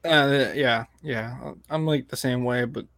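A man's voice: medium pitch, takes it slowly, vocal fry, a bit bright. A young man hosting a casual interview podcast, teasing and upbeat with his guest. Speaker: podcast host.

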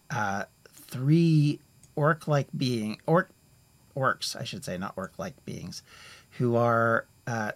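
A man runs a tabletop game, describing the scene in an unhurried, halting way. He circles back, corrects himself, and lets pauses hang as he narrates. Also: mid-range voice, no room sound. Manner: rambling, halting, many fillers and restarts. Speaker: game master.

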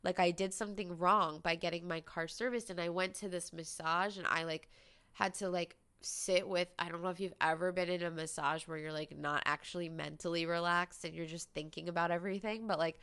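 Woman host, low-pitched, gravelly but smooth voice, candid chatty storytelling with lots of "like". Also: fairly even intonation, brisk, fairly bright tone. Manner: candid, conversational, many "like" fillers. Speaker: podcast host. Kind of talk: personal storytelling monologue.

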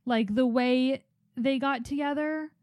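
A young woman with a high voice chats casually as a podcast co-host. She fills her talk with little fillers and quick asides. The recording is dry and close. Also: steady tone, a little mellow, no room sound. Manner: chatty, full of fillers.

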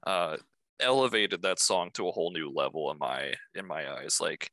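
A man's voice: low voice, moderate pace, sharp tone, dry recording. A man co-hosting a casual music podcast, telling a story with enthusiasm. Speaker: podcast co-host.

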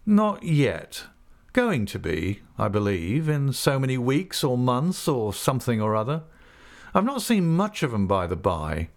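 A man reading an audiobook, voicing a jovial, careless young gentleman who talks in a hearty, mocking way. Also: medium pitch, sing-song, unhurried, voice pushed up. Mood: breezy. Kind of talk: audiobook character voice.

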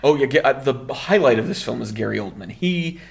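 A man's voice: medium pitch, expressive, a little fast, gravelly, slight background noise. A man co-hosting a film podcast, chatting casually and explaining film history at length. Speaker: podcast co-host.

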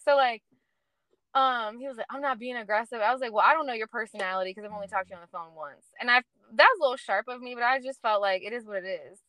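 A woman's voice: on the high side, fast talker. A woman co-hosting a casual podcast, animatedly retelling conversations and acting out both sides, with lots of "like". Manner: animated storyteller who acts out both sides of conversations, heavy use of "like". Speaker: podcast co-host. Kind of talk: casual chat, storytelling.

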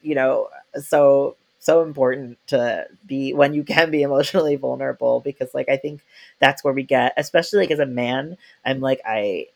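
A man's voice: mid-range voice, normal speed, gravelly. A young adult man hosting a podcast, talking casually with lots of fillers and frequent laughter. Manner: chatty, laughs often, many fillers. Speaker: podcast host. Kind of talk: casual conversation.

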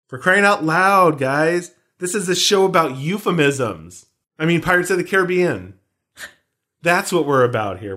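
A man's voice: medium pitch, a bit bright. Rambling, jokey man podcasting. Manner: jokey, rambling, self-mocking. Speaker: podcast co-host. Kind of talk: casual chat about a film.

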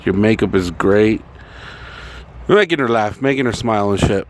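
Young man, lowish voice, swears freely and rambles through a story; faint vehicle hum behind. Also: lively intonation, moderate pace. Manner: rambling, profane, acts out dialogue in quotes. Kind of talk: casual storytelling.

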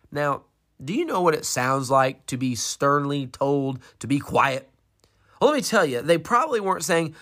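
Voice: mid-range voice, lively intonation, normal speed, fairly bright tone. A preacher giving a sermon, retelling a Bible story with rhetorical questions and dramatic emphasis.

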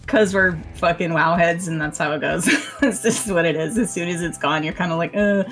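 A woman from Wisconsin co-hosting a gaming podcast, bubbly and quick to laugh, full of "like" and "dude". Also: lowish voice, fairly bright tone, faint music behind. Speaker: podcast co-host. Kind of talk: casual chat.

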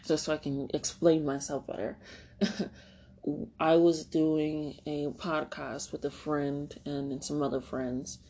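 A woman's voice: low voice, a little mellow. A young woman hosting a solo podcast, talking candidly and rambling, laughing often and swearing casually. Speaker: podcast host.

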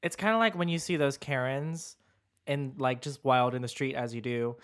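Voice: mid-range voice, moderate pace. Laughing, playful podcast co-host. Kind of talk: casual podcast chat.

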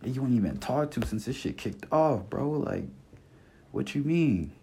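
In a mid-range voice that's mellow and husky, a man in his twenties rants on his solo podcast at normal speed, very animated, blunt and passionate, full of slang and swearing, and he repeats his points as he circles back.

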